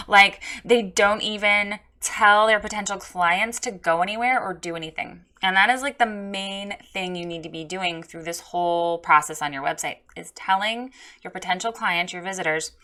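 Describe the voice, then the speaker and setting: A woman's voice: medium pitch, moderate pace, bright, forceful tone. A woman coaching a photographer on her website in a casual spoken critique, frank and direct.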